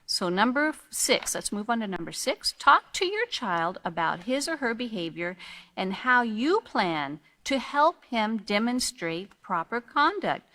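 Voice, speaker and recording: A woman's voice: mid-range voice, a bit bright. A woman teaching a character education training course, earnestly walking parents through guidelines and asking them questions along the way. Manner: earnest, asks the listener rhetorical questions.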